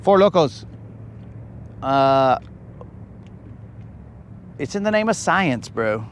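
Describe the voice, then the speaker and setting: Upbeat fishing streamer, a man with a high, bouncy voice, animated storyteller. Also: drawn-out words, slight background noise. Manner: animated storyteller, calls everyone bro; breaks into high whooping yells. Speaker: fishing livestreamer. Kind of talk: casual live-stream chat.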